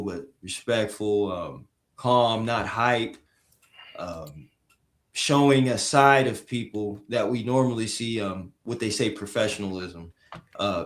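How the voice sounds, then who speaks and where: Rambling man in a roomy echo. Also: on the low side. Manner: rambling, frequent "um". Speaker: podcast panelist. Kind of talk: casual sports chat.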